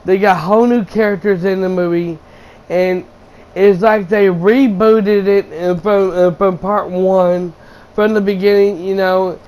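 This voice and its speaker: Brief: high-pitched young male vlogger, slow deliberate delivery, blunt profane exasperated rant. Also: steady tone, a little mellow, smooth, low-quality recording. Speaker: video game channel host reviewing a movie. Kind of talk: casual ranting review.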